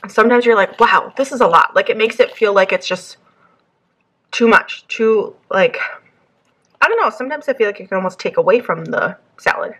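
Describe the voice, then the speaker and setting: A woman's voice: medium pitch, animated, moderate pace, a bit bright, husky. Chatty woman vlogging her meals. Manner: chatty and upbeat, narrating meals and errands with fillers. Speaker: lifestyle vlogger. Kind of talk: casual what-I-eat chat to camera. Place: in a parked car.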